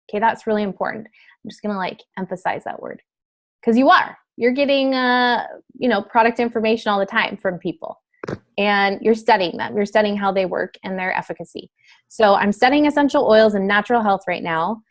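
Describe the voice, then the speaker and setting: A woman's voice: medium pitch, brisk. Chatty woman coaching a class. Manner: chatty, filler-heavy, breaks into role-play quotes. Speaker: wellness sales trainer. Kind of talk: casual instructional talk.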